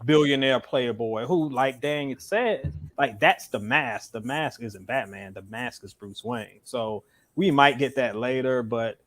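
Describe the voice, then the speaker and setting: A man with a mid-range voice airs his gripes about a film in a blunt, exasperated way. He talks casually, as in a relaxed chat among friends. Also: medium pitch, unhurried. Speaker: podcast co-host.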